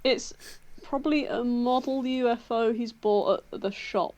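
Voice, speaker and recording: A woman's voice: a little high, a little slow, darkish tone, lo-fi sound. A woman co-hosting a casual comedy podcast, laughing often and explaining game details to friends. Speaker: podcast co-host.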